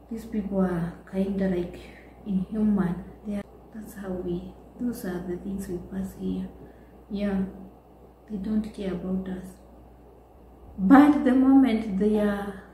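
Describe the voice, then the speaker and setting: Vlogger, young woman, earnest and emotional, very slow delivery, echoey room. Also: mid-range voice, dark tone. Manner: earnest, emotional, repeats exclamations. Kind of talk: personal storytelling. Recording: echoey room with faint background noise.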